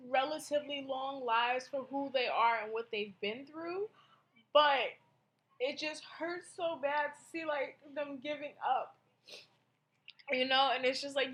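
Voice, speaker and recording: Young woman, blogger, high-pitched, halting, emotional, confessional monologue. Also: a bit bright. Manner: halting and emotional, with many fillers and restarts.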